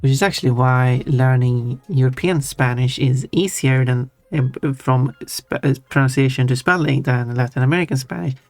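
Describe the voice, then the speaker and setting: A livestreamer from Sweden chats casually, explaining things loosely and thinking aloud, often backtracking and restarting. The middle-pitched voice moves at a moderate pace with hardly any pauses, recorded dry and close with no echo, while soft music plays faintly beneath.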